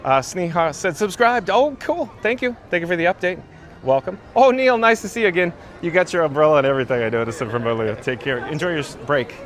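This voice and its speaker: A fairly high-pitched man with lively intonation speaks a little fast on his casual outdoor live stream. He strolls a crowded theme park, reading out viewer comments and thanking people, while park music and crowd sounds fill the background.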